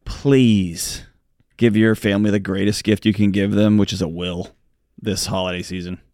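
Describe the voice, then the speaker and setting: A man's voice: lowish voice, steady tone, normal speed, darkish tone, no room sound, clean studio sound. A man, co-hosting a call-in advice show and pleading earnestly with listeners. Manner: earnest, pleading, joking asides. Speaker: co-host giving advice. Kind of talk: radio call-in advice talk.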